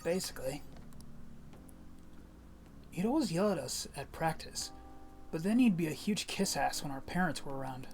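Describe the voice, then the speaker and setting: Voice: medium pitch, expressive, normal speed, long pauses, darkish tone, faint music behind, natural voice. A streamer voicing a hot-headed teenage boy, a former athlete, in blunt, slangy talk with mild cursing, as a fan reading of game dialogue. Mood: grumbling.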